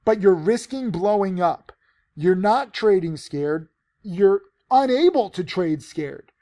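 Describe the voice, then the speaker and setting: A man's voice: high voice, animated, takes it slowly, dark tone. A man teaching penny stock trading, giving a casual, rambling trade recap with many fillers.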